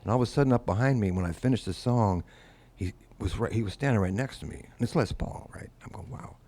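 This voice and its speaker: Low husky-voiced older man telling stories. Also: fast. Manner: anecdotal, animated quoted voices. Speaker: guest musician. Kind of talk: casual storytelling.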